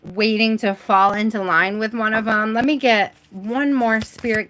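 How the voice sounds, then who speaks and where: Hiccuping throughout, a tarot reader live-streams from her home reading space, chatting and giggling with viewers and spirit alike. Her voice is a little high and a bit bright, with a steady tone and an unhurried delivery that has hardly any pauses, plus a slight hiss or hum on the audio.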